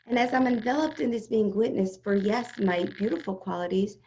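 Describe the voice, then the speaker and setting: A middle-aged woman speaking as a spiritual teacher in an online class, recounting a personal story with lively, dramatic energy. Her voice sits in a middle register. The video-call audio sounds somewhat muffled. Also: medium pitch, fairly quick, hardly any pauses. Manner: animated, dramatic retelling with acted-out quotes.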